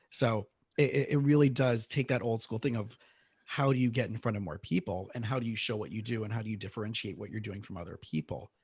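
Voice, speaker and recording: Husky podcast host guy, dry close mic, chatty, says right a lot. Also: on the low side, dry recording. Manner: conversational, often asks "right?". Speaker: podcast host, therapist and coach. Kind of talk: podcast interview.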